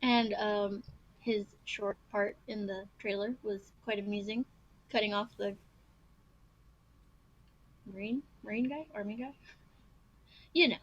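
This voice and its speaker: A woman's voice: medium pitch, steady tone, takes it slowly, pauses often, breathy edge. Chatty woman on dull lo-fi audio. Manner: hesitant, fillers, eating while talking. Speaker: podcast guest. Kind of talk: casual chat.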